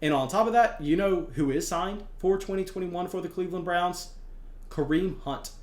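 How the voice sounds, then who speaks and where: An energetic young man hosts a fantasy football show, pushing hard on his points and repeating words for emphasis. His voice sits slightly high. The room around him rings with a noticeable echo. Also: normal speed. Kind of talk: excited sports analysis monologue.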